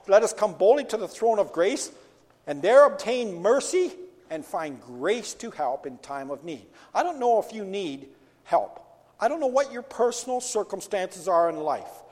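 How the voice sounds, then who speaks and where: In a church sanctuary, a man preaching as pastor asks rhetorical questions and then answers them. His voice sits high and is a little mellow, carried by the hall's long reverb.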